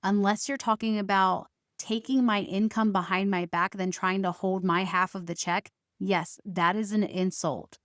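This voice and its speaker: A woman's voice: medium pitch, fairly even intonation, normal speed, fairly bright tone, dry recording. Woman telling a personal story, dry sound. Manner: recounts arguments, quoting both sides with emphatic stresses. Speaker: podcast host.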